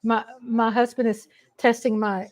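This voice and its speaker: A woman's voice: on the high side, flat delivery, a little slow. A middle-aged woman hosting a livestream from home on a desk mic, chatting casually and rambling as she reads viewer comments and gets emotional. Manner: emotional, laughs often. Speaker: livestream host. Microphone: USB desk mic.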